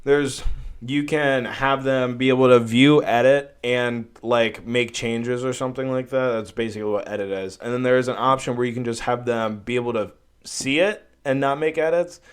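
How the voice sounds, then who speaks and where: A man's voice: medium pitch, smooth. Swearing, exasperated young man ranting. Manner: exasperated, swearing a lot, rambling. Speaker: podcast host. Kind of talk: casual solo podcast rant. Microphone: podcast microphone at a desk.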